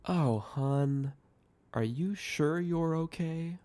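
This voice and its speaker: A man reading a young woman's lines in an audio screenplay, talking down to her boyfriend in a soft, condescending voice. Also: fairly high pitch, big pitch swings, brisk, pitched above the performer's own voice. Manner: condescending, mock British accent at times.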